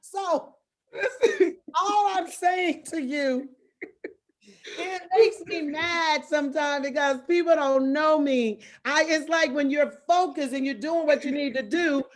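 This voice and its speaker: High-voiced woman telling lively stories. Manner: animated, laughs while telling stories. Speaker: guest. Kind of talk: lively personal storytelling.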